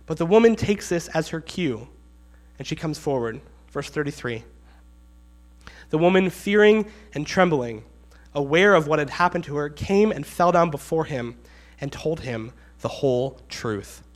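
A man delivers a sermon in a conversational, explanatory way, his voice pitched a little above the usual. He reads the scripture plainly and acts out the quoted lines with building emphasis. A faint mains hum runs under the recording. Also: expressive, measured pace. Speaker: preacher.

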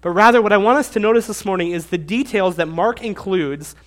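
A young man preaching a sermon, animated, acting out the disciples with sarcastic asides. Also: high-pitched, brisk.

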